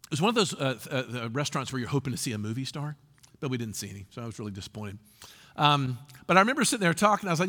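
A man preaching a sermon as a pastor, telling stories and acting out quotes with lively delivery. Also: mid-range voice, racing. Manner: animated storytelling with acted quotes. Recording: long reverb of a large hall.

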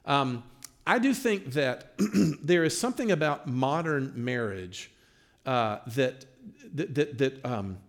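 A pastor teaching a marriage class and taking questions, animated, acting out little bits of dialogue. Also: male voice, medium pitch. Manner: animated, acts out quoted dialogue.

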